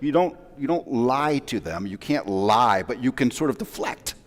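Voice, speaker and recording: A man in his forties, a rabbi, giving a sermon as a relaxed, self-deprecating story full of asides. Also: mid-range voice, moderate pace. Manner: chatty, self-deprecating, with many fillers and asides. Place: large synagogue sanctuary. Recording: long reverb of a large hall.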